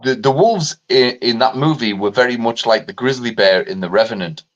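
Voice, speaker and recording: A man co-hosting a casual chat, talking in an animated, sweary, mocking way. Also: medium pitch, brisk. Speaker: podcast co-host. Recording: dull lo-fi sound.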